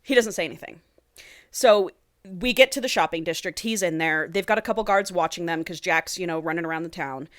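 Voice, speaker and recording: A woman's voice: fairly low pitch, fairly quick, dry recording, clean studio sound. A woman co-hosting a podcast, cheekily retelling a romance novel with profane, quoted character lines. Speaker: podcast co-host. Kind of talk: casual chat recapping a romance novel.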